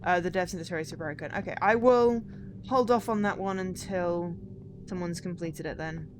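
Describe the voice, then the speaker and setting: A woman's voice: lowish voice, normal speed, background noise. A tired woman streaming a game, chatting wryly and reading signs aloud. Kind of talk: casual gaming stream commentary.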